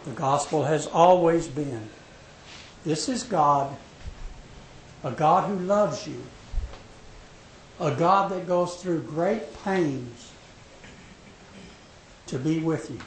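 Man, preacher, sermon, dramatic loud-to-hushed delivery, slightly high voice, echoey hall, faint noise. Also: takes it slowly, pauses often. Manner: dramatic, swings from loud to hushed when quoting God.

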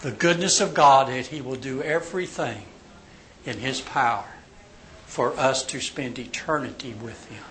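Bright-voiced man teaching a Bible class. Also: medium pitch, measured pace, a little hiss or hum, rough recording. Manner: dramatic, acts out quotes loudly then drops soft for prayer.

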